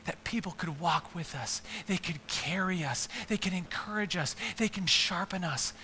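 An earnest male pastor preaching, who stacks up repeated phrases and presses his points with emphasis. His voice is high and bright, and a long reverb rings around the large church hall. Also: normal speed, a little hiss or hum. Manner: earnest, repeats words, builds to emphatic lists. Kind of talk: sermon.

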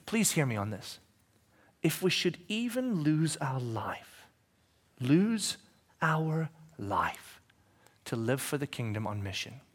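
With a mid-range voice that has a breathy edge, a male pastor gives a conversational sermon in church. He asks the congregation questions and moves between quietness and shouting.

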